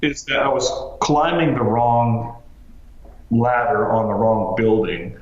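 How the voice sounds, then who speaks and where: A man telling his story as a podcast guest, animated, with lots of fillers and restarts. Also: medium pitch, slow. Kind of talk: casual storytelling interview. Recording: roomy, slightly dull sound.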